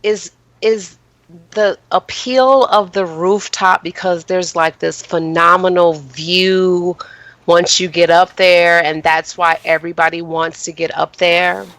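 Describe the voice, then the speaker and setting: A woman's voice: lowish voice, steady tone, slow pace, fairly bright tone, no room sound. A woman on a casual podcast chat asking curious questions. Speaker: podcast co-host.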